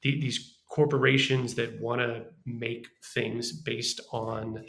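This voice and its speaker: A man, a screenwriter guest on a podcast, telling animated stories about his work in a casual way. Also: mid-range voice, takes it slowly. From Los Angeles. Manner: animated, restarts and acts out quoted voices.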